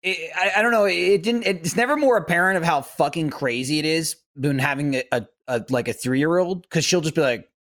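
A man's voice: brisk, few pauses, fairly bright tone. A man in his thirties co-hosting a podcast, rambling through stories in casual chat. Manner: rambling, jumps between pitches when quoting. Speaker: podcast co-host.

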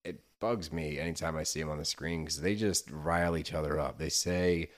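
A man's voice: a bass voice, fairly even intonation, moderate pace. A man co-hosting a podcast in casual chat, exasperated and swearing freely. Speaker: podcast co-host.

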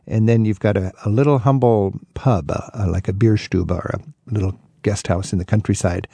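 A man hosts a radio talk show, interviewing a guest with chatty enthusiasm and colorful asides. His voice is gravelly and a little husky, with a dark, mellow tone. The sound is dry and close, with faint music underneath. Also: lowish voice, steady tone, fairly quick, dry recording. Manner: chatty, enthusiastic, riffs with vivid anecdotes.

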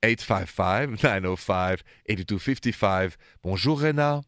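A man's voice: fairly low pitch, expressive, unhurried, a bit bright, clean tone, no room sound, studio quality. A man with a thick French accent hosting a late-night call-in radio show about love, talking in a playful, romantic way. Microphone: studio microphone.

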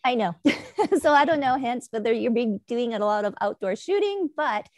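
A woman's voice: a little high, animated, normal speed, no echo, clean studio sound. A woman hosting a casual video call chat, chatty and upbeat, laughing easily as she greets her guests. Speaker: host.

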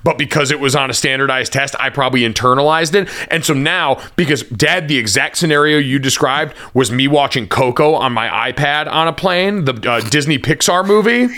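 A young man hosts a casual podcast, his voice bright and tense. He tells quick, self-mocking stories. His pitch sits a bit high for a man. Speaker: podcast host.

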